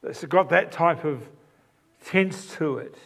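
A man's voice: on the high side, slow, fairly bright tone. A man preaching a sermon, explaining a passage with emphatic, repeated phrases.

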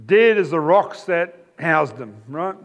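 A man's voice: a little high, animated, slow. A man preaching a sermon, explaining a passage with emphatic, repeated phrases.

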